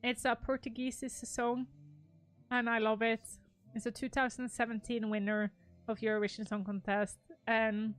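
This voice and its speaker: A woman's voice: on the high side, flat delivery, normal speed. A young woman chatting casually on a live stream, gushing and rambling as she shows her wedding photos, laughing often.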